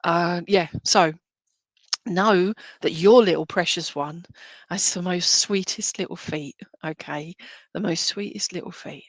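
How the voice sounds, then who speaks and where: Lady medium, soothing and affectionate, keeps asking "all right?", lowish voice, dry sound. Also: a little slow, no echo. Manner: affectionate, reassuring, frequent "all right?" checks. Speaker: medium giving spirit readings. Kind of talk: live-streamed church service readings.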